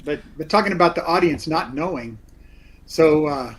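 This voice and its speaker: Guest: man, theatre actor, animated storyteller, somewhat high voice. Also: normal speed, low-quality recording. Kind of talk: casual chat, anecdote.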